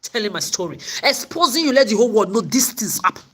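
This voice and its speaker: A woman's voice: fairly high pitch, very animated, quick pace, husky. A woman vlogger telling her story in an angry, profane rant, often repeating and stumbling over words. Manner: profane, repetitive stammering.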